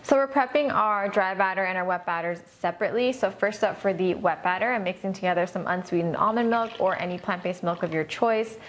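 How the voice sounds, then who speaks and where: Brisk and with few pauses, a mid-range-voiced woman chats cheerfully through a recipe for her cooking vlog in a home kitchen. Her casual, upbeat talk is full of "super" and "so good."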